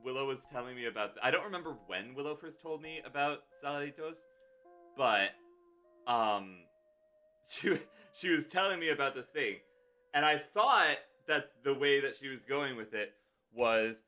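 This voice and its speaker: A man's voice: fairly high pitch, lively intonation, a little slow, pushed and bright, soft background music. A man hosting a casual livestream chat, rambling and giggly and often correcting himself. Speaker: streamer host.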